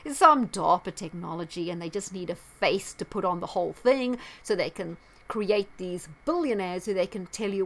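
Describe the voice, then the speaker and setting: A woman's voice: on the low side, expressive, normal speed, fairly bright tone. A woman giving a sarcastic, indignant commentary on her vlog, with emphatic outbursts. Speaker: astrology vlogger.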